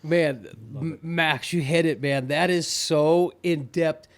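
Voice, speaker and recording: A man with a high voice talks bluntly in a casual podcast chat. He laughs easily and acts out inner voices as he makes his point. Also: fairly even intonation, slow pace.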